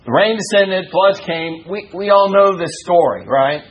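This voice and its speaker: A man teaching a Bible study in a folksy, joking way, full of "you know" and shifts between raised preaching and low asides. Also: lively intonation, measured pace, poor audio.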